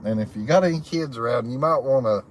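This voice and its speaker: A man's voice: medium pitch, quick pace, slight background noise. A man who hosts a livestream, reading out chat and laughing often in a folksy, drawling way. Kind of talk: casual live chat. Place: camping, in a chicken hut.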